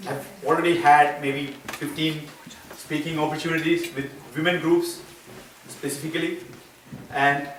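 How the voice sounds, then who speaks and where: A middle-aged man with a non-native English accent gives an earnest, self-deprecating campaign speech as a school board candidate at a meet-and-greet in a private home, halting often with fillers. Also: on the high side, little pitch movement, fairly bright tone, slight background noise. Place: living room of a private home. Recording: echoey room, mic from far off.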